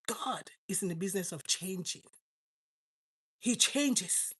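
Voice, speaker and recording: Preaching a fervent sermon to online viewers, a middle-aged Nigerian woman swings between loud exclamations and low asides. Her pace is slow, her intonation lively, and her voice has a breathy edge.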